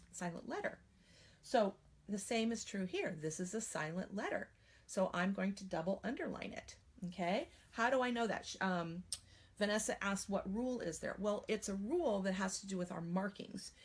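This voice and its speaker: A woman's voice: medium pitch, breathy edge. Woman spelling trainer, patient and explanatory, mid-range voice, teaching demo. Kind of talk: teaching demonstration.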